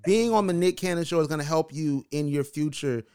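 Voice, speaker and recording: High-voiced man hosting, slangy and playful. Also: fairly quick, a little mellow, clear, resonant tone. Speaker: interviewer host. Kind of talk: casual interview chat.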